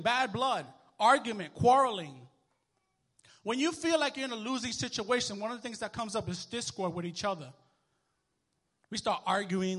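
A man preaching a sermon as minister, conversational and animated, checking in with the congregation as he goes. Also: sits high, breathy edge. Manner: animated, conversational preaching with sports illustrations and call-and-response. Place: church.

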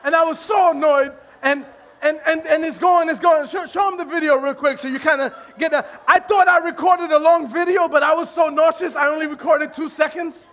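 A male pastor with a very high voice, telling a comic story to his congregation. He is animated and self-deprecating, breaks into laughter and trips over restarts, and his voice rises to a shout at the funny parts. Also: a little fast. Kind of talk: humorous sermon storytelling.

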